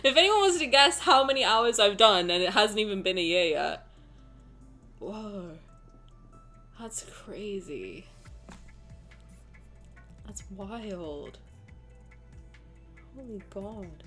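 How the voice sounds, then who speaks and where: Excitable young woman streamer, lively pitch. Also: slow, pauses often. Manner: excitable, swears, exclamations, greets chat. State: emotional, near tears. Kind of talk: casual live-stream chat. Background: faint music.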